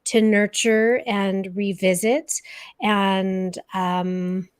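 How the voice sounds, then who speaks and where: A woman's voice: medium pitch, steady tone, very slow, smooth, no echo. Reflective woman host, dry close sound. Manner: reflective, repeats words for emphasis. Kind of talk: casual chat.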